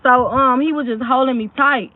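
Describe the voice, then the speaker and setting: A woman's voice: high-pitched, fairly even intonation, a little fast, no echo. Woman telling a story over tinny audio. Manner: rambling, keeps asking "you know what I'm saying". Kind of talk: casual spoken true story.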